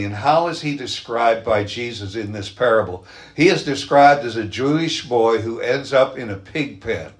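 A man preaching a sermon, telling illustrative stories in an earnest manner and slowing down on key phrases. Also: mid-range voice. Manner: earnest storytelling, slows down for emphasis.

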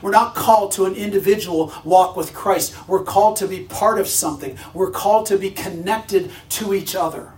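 Emphatic high-voiced man preaching in a hall. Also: moderate pace, few pauses, darkish tone. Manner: emphatic, repeats phrases for stress, asks the congregation questions. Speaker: pastor. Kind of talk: sermon. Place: church sanctuary. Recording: roomy hall sound from a distance.

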